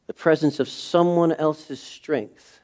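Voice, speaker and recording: A middle-aged male pastor delivering a sermon in a church, telling a personal story with lively, animated delivery and sudden swings between loud and soft. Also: fairly high pitch, slow pace. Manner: animated storytelling, acting out scenes with sudden shifts in loudness. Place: church sanctuary.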